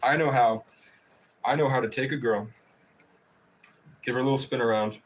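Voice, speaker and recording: A man's voice: mid-range voice, moderate pace, slightly rough, rough recording. A man chatting casually on a live stream, rambling and swearing, and laughing often between stories.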